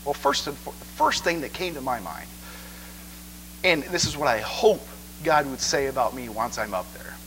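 A man preaching a sermon in an animated way, often checking in with listeners. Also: medium pitch, normal speed, a little hiss or hum, rough recording. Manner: animated, asks the crowd 'okay?' a lot.

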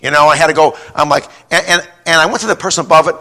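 Speaking in a fairly high, steady-toned voice at a racing pace, a middle-aged pastor preaches folksily. He tells a personal story in a rambling way, repeats himself, and shouts when moved.

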